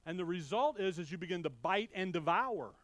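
Middle-aged male pastor, lively preaching with loud and soft swings, high-pitched, dry recording. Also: a little fast, no room sound. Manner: animated, anecdotal, swings from loud emphasis to quiet asides. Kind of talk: sermon.

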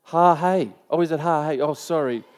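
High-voiced preacher telling a story. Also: male voice, normal speed, clear, resonant tone, big-room sound. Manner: animated storytelling, laughs at himself. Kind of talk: sermon with personal story.

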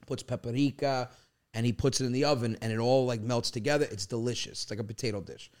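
A comedian telling family stories in an animated, casual chat. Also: male voice, medium pitch. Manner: animated, rapid storyteller, laughing. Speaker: comedian guest.

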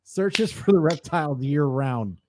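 A man's voice: a little high, expressive, unhurried, a little mellow, slight background noise. A man co-hosting a comedy podcast, reading out odd news items in a matter-of-fact way and often laughing as he reads. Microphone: studio microphone.

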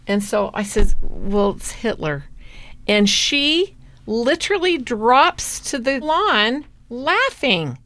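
A woman's voice: on the high side, sing-song, slow pace, fairly bright tone. A middle-aged woman from the United States, telling a personal story in an interview and laughing as she goes.

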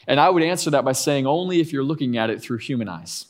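A man's voice: medium pitch, expressive, quick pace. A man in his thirties, a pastor preaching a conversational sermon with frequent asides and restarts.

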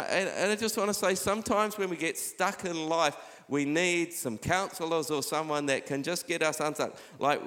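A middle-aged male pastor delivering a sermon in a church hall, pressing his listeners with repeated urgings and softening when he reads scripture. His voice sits a touch high for a man, and a long reverb trails behind every phrase. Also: gravelly. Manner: urging, repeats "come on", drops to quiet when reading scripture.

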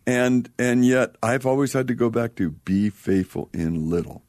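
A man hosting an interview, affirming his guest often and telling animated stories of his own. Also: mid-range voice, moderate pace, no room sound, studio quality. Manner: frequent affirmations, animated storytelling. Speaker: host interviewer. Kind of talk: casual interview conversation.

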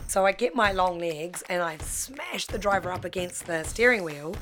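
A woman's voice: fairly low pitch, moderate pace, hardly any pauses, slight background noise. Frank woman telling her story. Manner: frank, animated, acts out quoted voices. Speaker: guest storyteller. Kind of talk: personal storytelling.

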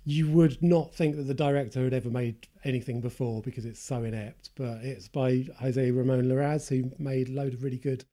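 A man, co-hosting a casual film podcast, relaxed and quick to laugh. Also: medium pitch. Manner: relaxed, laughs easily, swears. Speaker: podcast co-host. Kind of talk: casual chat.

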